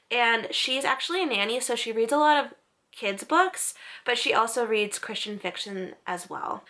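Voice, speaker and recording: A woman's voice: mid-range voice, pushed and bright. A young woman casually talking through book channels she recommends, in a chatty, upbeat way. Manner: chatty, upbeat, unsure of name pronunciations. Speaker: book vlogger.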